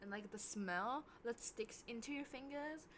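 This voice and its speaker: A young woman vlogger telling a story casually to camera, swearing often and getting loud when worked up. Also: measured pace, slight background noise. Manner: animated, swears a lot, voice jumps high when worked up.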